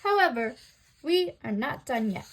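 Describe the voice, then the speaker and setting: Young woman doing a school lesson, high bouncy voice, reads it out slow and careful. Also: sing-song. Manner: slow, sing-song reading with rhetorical questions. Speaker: student presenter.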